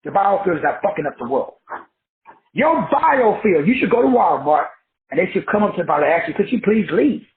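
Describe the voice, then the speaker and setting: A high-voiced man teaches a motivational class, his pitch leaping all over as he preaches with profanity and rhyming riffs. The sound is thin and phone-like, in a room with a lot of echo. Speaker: self-styled teacher called Doc.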